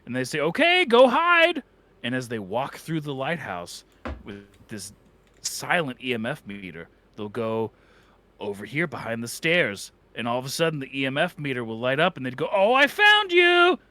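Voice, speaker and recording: A man's voice: mid-range voice, expressive, normal speed, fairly bright tone, slight background noise. A man co-hosting a podcast, telling a silly story that rambles and keeps slipping into character voices. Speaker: podcast co-host. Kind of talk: comedic storytelling. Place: away from the studio.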